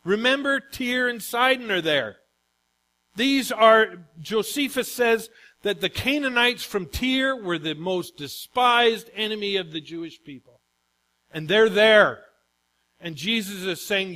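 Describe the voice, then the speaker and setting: Man, pastor, sermon, emphatic, questions the congregation, high-pitched. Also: expressive, measured pace, pushed and bright, rough recording.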